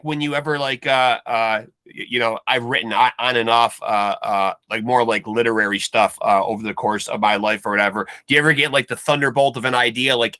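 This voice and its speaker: A man's voice: medium pitch, bright, forceful tone, dry recording. A man hosting a podcast, asking long, rambling interview questions full of fillers. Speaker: podcast host.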